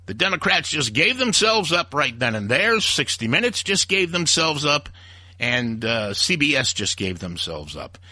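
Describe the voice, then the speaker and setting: Heated male talk radio host with a sharp, husky voice and lively, swinging delivery. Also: a little high, moderate pace, dry recording, studio quality. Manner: ranting, heated, acts out quoted voices. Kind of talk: opinionated talk radio monologue.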